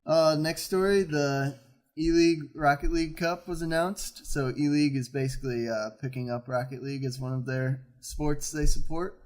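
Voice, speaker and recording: A man's voice: on the high side, normal speed, a little mellow. A young man co-hosting an esports news recap in an easygoing, casual way. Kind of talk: casual chat.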